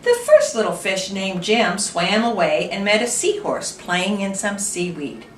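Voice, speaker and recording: A woman reading a children's picture book aloud at an unhurried pace, her voice rising and falling animatedly. She turns to the young listeners with questions. The recording is roomy and distant, with a faint hiss. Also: medium pitch, very animated. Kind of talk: children's storytime read-aloud.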